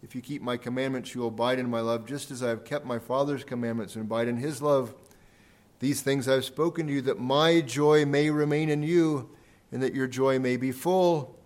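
A man's voice: mid-range voice, fairly even intonation, moderate pace, a little mellow. Man preaching an earnest sermon. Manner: earnest preaching, repeating key phrases for emphasis, volume rising and falling. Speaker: pastor. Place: church sanctuary.

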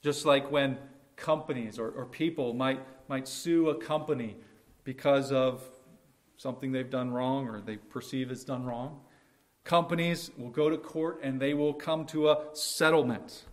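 A man preaching a sermon with emphasis, slowing and dropping to a hush on key words and acting out quotes. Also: medium pitch, fairly even intonation. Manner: acts out quoted speech with quick, raised lines. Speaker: pastor.

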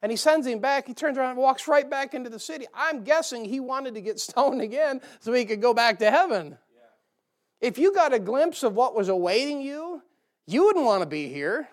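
A man's voice: extremely high pitch, animated, moderate pace. A man preaching a sermon to a church, folksy and joking, rising to emphatic bursts. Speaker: pastor. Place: church sanctuary.

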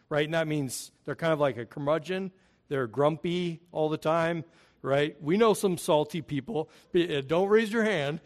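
A man's voice: fairly high pitch, measured pace. A middle-aged man preaching a sermon as a pastor, earnest and emphatic, leaning hard on key words.

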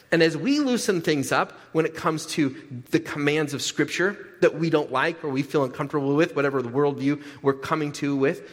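A man's voice: on the high side, in a large hall. A male pastor preaching a sermon in a church, talking in a conversational way with emphatic repetition and frequent restarts.

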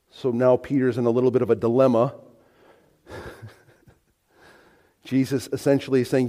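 A male pastor preaching a sermon in an animated, emphatic way that moves between soft and loud. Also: medium pitch, a little slow, long pauses, in a large hall. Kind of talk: expository sermon.

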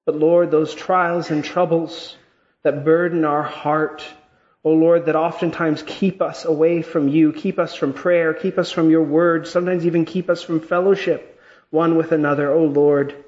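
Pastor, male, slightly high voice, earnest measured scripture reading and prayer, muffled lo-fi sound. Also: level tone, darkish tone.

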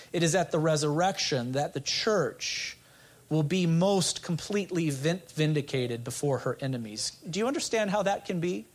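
Man preaching a sermon, raised pitch. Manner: earnest preaching with rhetorical questions. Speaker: pastor. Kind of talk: expository sermon.

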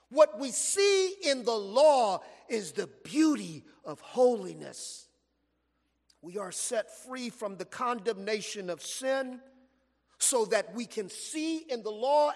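High-voiced man preaching in a hall. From Los Angeles, USA. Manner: animated storytelling preaching, stretched emphatic phrases. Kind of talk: sermon. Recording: long reverb from a large hall.

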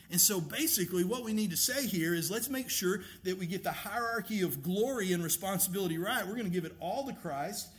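A man preaching a sermon as a pastor, emphatic and animated, asking rhetorical questions. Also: high voice, a little hiss or hum.

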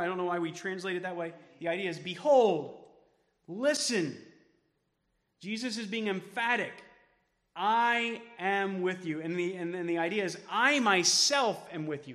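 A man preaching a sermon as pastor, emphatic, then dropping to soft tones for quoted words of comfort. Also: sits high, big-room sound. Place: church sanctuary.

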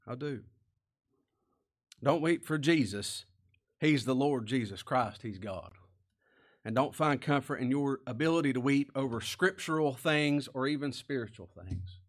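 A man gives a sermon as a pastor, keeping it down-to-earth and folksy; he leans on rhetorical questions and at times goes quiet and hushed. His pitch is medium.

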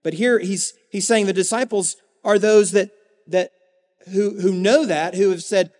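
A male pastor preaches an earnest, emphatic sermon, using rhetorical stresses and pauses. His fairly high, slightly mellow voice keeps a fairly even intonation and rings with the long reverb of a church sanctuary.

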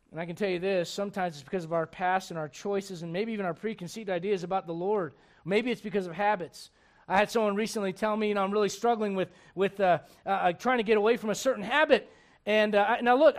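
A man in his thirties delivers a sermon in a strikingly high voice. He talks to the congregation like a friend, punching certain lines loudly before falling back to quiet, almost private remarks. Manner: conversational preaching, swinging between loud emphasis and hushed asides. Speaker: pastor.

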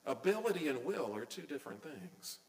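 A man's voice: fairly high pitch, sing-song, moderate pace, reverberant, low-quality recording. A middle-aged man preaching a sermon as a pastor, earnest and emphatic, with many rhetorical questions.

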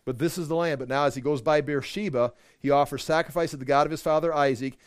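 Fairly high-voiced man telling a sermon story. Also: fairly even intonation, quick pace, clear, resonant tone, no echo, clean studio sound. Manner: casual storytelling with asides and jokes. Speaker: preacher.

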